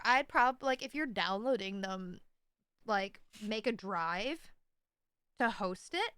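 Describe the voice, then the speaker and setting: Woman streamer, casual and playful, bright slightly high voice, dry close mic. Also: measured pace, clear, resonant tone, no echo. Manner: rambling, playful, self-mocking. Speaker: livestreamer.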